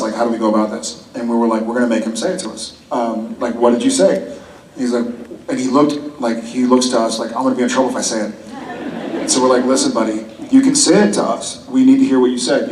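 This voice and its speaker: A man with a mid-pitched voice telling a family story in an amused, easy way. He is heard from a distance in an echoey hall with clear noise behind him. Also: a little mellow. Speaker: convention panel guest. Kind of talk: telling an anecdote on stage. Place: convention hall stage. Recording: echoey hall, far from the mic, noisy.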